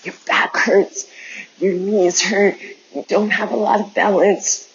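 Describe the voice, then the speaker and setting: A woman's voice: medium pitch, fairly even intonation, takes it slowly, lo-fi sound, slight background noise. A woman teaching an online dance class, coaching movement step by step and counting out the beats. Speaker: dance instructor.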